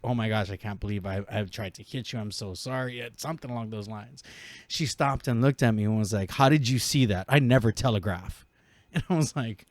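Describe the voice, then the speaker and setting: A middle-aged man, a podcast guest, telling lively family stories in casual talk, laughing often and acting out the people he quotes. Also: on the low side, no room sound. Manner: animated, laughing often, quoting people in character. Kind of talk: casual storytelling. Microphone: studio podcast mic.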